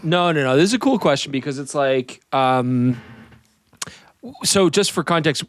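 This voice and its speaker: A man co-hosting a podcast, talking in an animated, explanatory way. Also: fairly high pitch, unhurried. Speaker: podcast co-host. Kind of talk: casual podcast chat.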